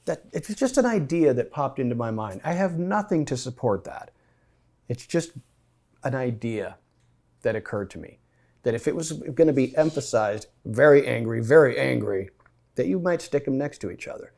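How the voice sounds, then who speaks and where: A man teaching a small Bible study group, his voice sitting at an ordinary middle pitch. He poses questions to the room and to people online, then thinks out loud about the passage. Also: very animated, moderate pace. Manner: questioning, inviting, thinks aloud. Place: meeting room with online participants.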